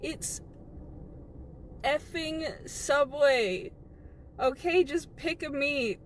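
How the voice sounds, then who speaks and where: A woman's voice: sits high, a little hiss or hum. A woman playing a frazzled young sandwich shop worker in a comedy skit, exasperated and incredulous. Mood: impatient. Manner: exasperated, incredulous, talks fast when upset.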